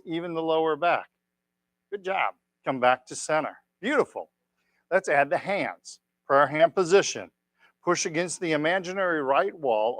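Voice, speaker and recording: A man leading a tai chi class, giving calm step-by-step cues and gentle praise on a clip-on mic. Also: fairly high pitch, no echo. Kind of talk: guided exercise class. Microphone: clip-on microphone.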